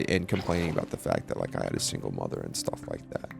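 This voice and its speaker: Young male vlogger, deep and creaky, candid casual monologue, faint music bed. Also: very animated, quick pace, few pauses. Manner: candid, casual, swears often, many fillers. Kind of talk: personal reflective monologue.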